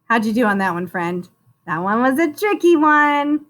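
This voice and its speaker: A woman teacher giving a slow, sing-song phonics spelling lesson to young children, encouraging them and calling each one "friend". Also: fairly high pitch, sing-song, a bit bright.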